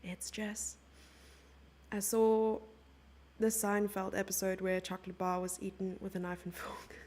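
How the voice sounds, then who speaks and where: A woman's voice: medium pitch, flat delivery, moderate pace, darkish tone, slight background noise. A young woman commenting on chess live and chatting playfully with her viewers. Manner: chatty, playful, reads out and answers chat.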